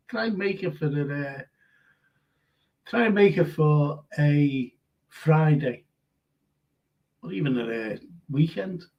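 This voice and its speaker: An older man from Liverpool with a Scouse accent, hosting a live show in casual, rambling chat with many fillers and restarts. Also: fairly high pitch. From Liverpool, England. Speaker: radio show host reading listener comments. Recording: dull lo-fi stream audio.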